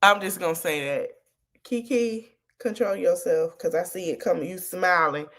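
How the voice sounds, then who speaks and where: A woman's voice: fairly low pitch, normal speed, a bit bright. A woman podcast host, giving blunt commentary on a clip and talking straight to her viewers. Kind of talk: reaction commentary.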